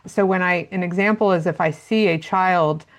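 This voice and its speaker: A woman's voice: fairly low pitch, moderate pace. A woman answering interview questions as a parenting expert, explaining at length with frequent fillers.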